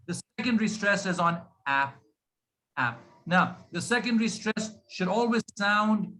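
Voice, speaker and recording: A man teaching pronunciation over a video call, stretching out words slowly and patiently to demonstrate stress. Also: high voice, sharp tone, low-quality recording. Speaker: pronunciation coach. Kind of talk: online speaking lesson.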